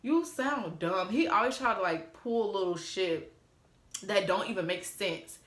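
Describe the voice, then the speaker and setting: A woman's voice: mid-range voice, a little slow, fairly bright tone. A woman in her twenties telling a storytime, sassy and profane, talking straight to her viewers. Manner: sassy, profane, exasperated retelling. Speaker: storytime vlogger. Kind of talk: casual storytime. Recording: roomy echo.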